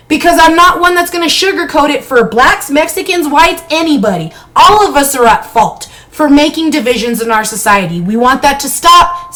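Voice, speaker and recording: Live-streaming from her bedroom, a woman goes on an unscripted, blunt, heated rant packed with swearing. Her voice sits high and sounds pushed and bright, and the audio quality is poor.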